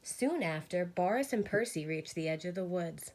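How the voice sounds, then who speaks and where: A woman teacher reading a children's storybook aloud with lively expression. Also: fairly low pitch, normal speed, hardly any pauses.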